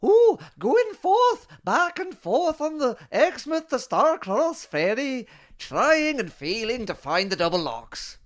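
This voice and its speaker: A man voicing an elderly Glaswegian woman from the 1940s, with a Glaswegian accent, in a high quavering put-on voice. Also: sing-song, takes it slowly, hardly any pauses, heavily acted. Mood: sing-song.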